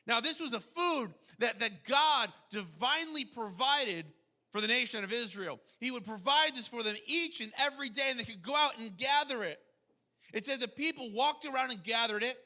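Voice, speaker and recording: A man preaching a sermon as pastor, animated, slipping into mocking quoted voices. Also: very high-pitched, normal speed.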